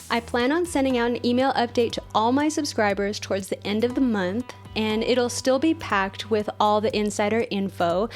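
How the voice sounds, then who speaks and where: A woman hosting a podcast, talking casually with chatty, self-mocking asides. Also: mid-range voice. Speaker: podcast host.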